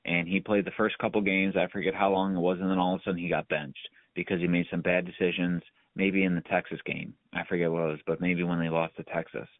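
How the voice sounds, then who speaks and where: A man's voice: deep voice, little pitch movement, quick pace, few pauses, no room sound. A man hosting a sports podcast, giving rambling, emphatic opinions in casual chat. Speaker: podcast host. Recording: dry, phone-like sound.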